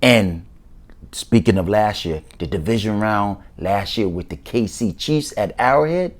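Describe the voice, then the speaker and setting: A man hosting his own football talk show, excited and slangy in a casual commentary style. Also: fairly low pitch, measured pace.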